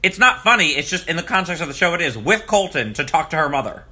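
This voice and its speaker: Bright, chatty man recapping a reality show. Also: fast. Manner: animated, gossipy, swings into high mocking quotes. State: groggy morning voice. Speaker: recap vlogger. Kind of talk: casual commentary.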